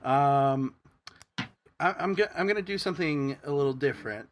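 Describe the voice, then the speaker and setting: A man narrating a tabletop role-playing game as game master, explaining rules and the story in a measured way. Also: fairly high pitch, slight background noise.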